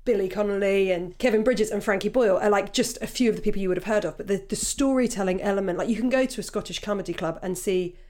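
A woman stand-up comedian in a relaxed conversation. She talks in a chatty way and often restarts her sentences. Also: medium pitch, quick pace, few pauses. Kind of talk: casual chat.

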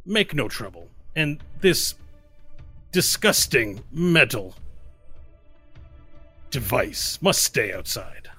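A man's voice: mid-range voice, very animated, slow, pauses often, pushed and bright, breathy edge, soft background music, heavily acted. A man voicing a stern male lizardfolk guard who speaks in a commanding, formal way.

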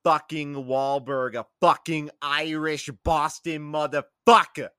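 A man's voice: on the high side, flat delivery, takes it slowly, sharp tone, clear, resonant tone, dry recording, clean studio sound. Young man riffing, swearing, in comic banter. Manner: swears a lot, riffs on bits with mock tough-guy voices. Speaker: podcast co-host. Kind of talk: comedic improv banter.

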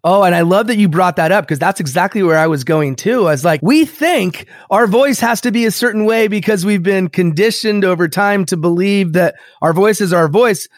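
A man's voice: high-pitched, normal speed, few pauses, no echo, clean studio sound. A man hosting an interview, asking casual, chatty questions.

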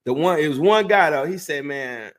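A man with a fairly high-pitched voice tells a story in casual conversation. He keeps restarting his sentences and fills the gaps with fillers. He acts out the other people in his story as he goes. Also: brisk, fairly bright tone. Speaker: guest recounting a game. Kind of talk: casual chat.

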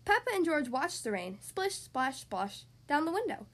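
Expressive woman reading a children's story. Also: sits high, moderate pace. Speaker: podcast host reading aloud. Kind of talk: children's story read-aloud.

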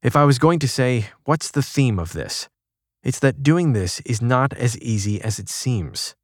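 A man narrating a magazine feature in a measured, even reading, shifting his tone a little for quoted lines. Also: medium pitch, no room sound, studio quality. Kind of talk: scripted narration.

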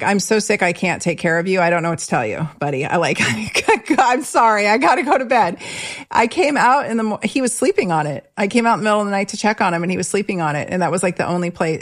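Woman podcast host, middle-aged, chatty storyteller, low-ish voice. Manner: chatty, animated storyteller with frequent restarts and laughs. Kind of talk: casual conversational interview.

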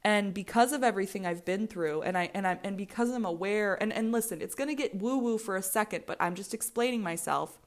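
A woman's voice: medium pitch, fairly quick, few pauses. A woman in her twenties with an American accent, hosting a solo podcast in a candid, rambling way, swearing freely and often restarting her sentences. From United States. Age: 20s. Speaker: podcast host.

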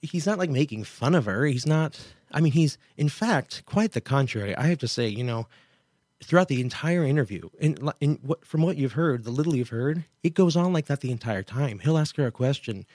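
A man's voice: mid-range voice, lively intonation, fairly quick, darkish tone, dry recording, clean studio sound. A man hosting a radio talk show, commenting casually in a digressive, self-interrupting, incredulous way. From Kansas, USA. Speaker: host.

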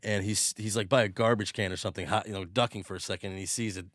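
A man chatting casually about movies, telling stories with sudden bursts of excitement and some swearing. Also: fairly low pitch, fast talker, dry recording, clean studio sound.

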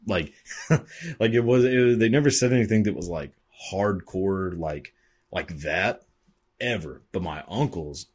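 Young dude in his 20s rambling and swearing a lot, real low husky voice, tons of "like"s. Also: expressive, a little slow. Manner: rambling, profane, lots of fillers and laughs. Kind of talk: casual monologue.

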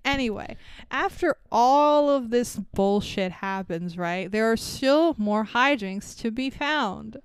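A woman's voice: a little high, animated, slow, clean tone, no room sound. A young woman co-hosting a podcast, recapping a movie in sarcastic, profane casual chat with frequent laughter. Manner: sarcastic, swearing, laughs often. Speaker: podcast co-host.

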